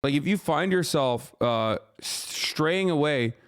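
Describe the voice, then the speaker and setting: A man's voice: on the high side, animated, slow, clear, resonant tone. A man streaming a reaction to a news story, heated and profane, repeating himself and asking "okay?" often. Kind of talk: livestream reaction commentary.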